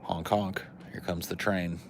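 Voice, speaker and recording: A male podcast host talks in a low voice, rambling and swearing through loose banter with his co-hosts. A faint noise sits under his voice. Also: little pitch movement, a little slow. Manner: rambling, profane, says "dude" and "like" a lot. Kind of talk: crude casual podcast banter.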